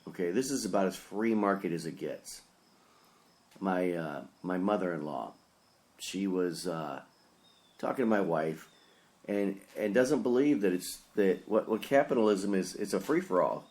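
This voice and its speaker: A man with a very low voice talks through a casual solo podcast as its pastor host. He is opinionated and rambling, and stays earnest as he works through his points. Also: animated, measured pace, darkish tone.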